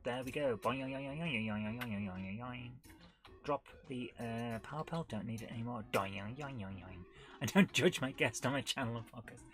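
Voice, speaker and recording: A woman's voice: rumbling low, moderate pace. A woman in her forties hosting a live retro-gaming stream, chatty and giggly, commenting on the game and reading chat aloud.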